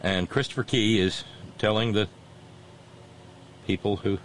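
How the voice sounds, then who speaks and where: A man's voice: lowish voice, unhurried, slight background noise. A man hosting a talk show, giving sarcastic, mocking commentary and reading out listener messages.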